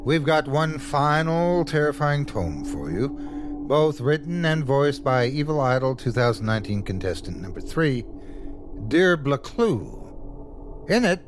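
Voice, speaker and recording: A man hosts a horror fiction podcast, introducing the next story. He speaks at a middle pitch with a lively, theatrical lilt. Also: unhurried, background noise. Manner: announcing, theatrical. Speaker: podcast host. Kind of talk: scripted show introduction.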